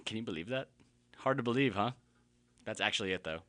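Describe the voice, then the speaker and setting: A man's voice: on the low side, expressive, fast talker, bright, forceful tone, no echo. A man co-hosting a radio show, rambling and joking in casual studio banter.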